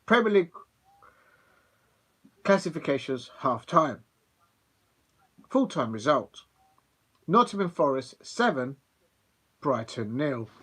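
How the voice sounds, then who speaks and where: Old school radio results guy reading out scores all formal and measured, man putting it on, slightly high voice. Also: big pitch swings, fairly bright tone, husky, exaggerated voice. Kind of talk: impression of a radio results reader.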